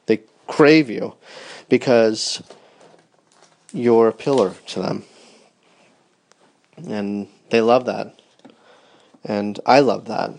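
A man's voice: fairly low pitch, extremely slow, vocal fry, pauses often, a little mellow. A tired man in his thirties, rambling tenderly and yawning as he records a personal podcast for his wife. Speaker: podcast host.

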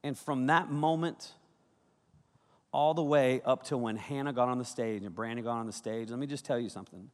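A man preaching a youth sermon, energetic and conversational, with sudden loud bursts. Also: mid-range voice, moderate pace. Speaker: youth pastor. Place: large auditorium. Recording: reverberant hall.

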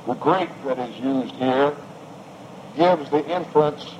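Man preaching slow and emphatic, kinda high voice, muffled old tape with a bit of hiss. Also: darkish tone. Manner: emphatic, rising and falling delivery with repetition. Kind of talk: sermon. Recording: dull lo-fi recording with faint noise.

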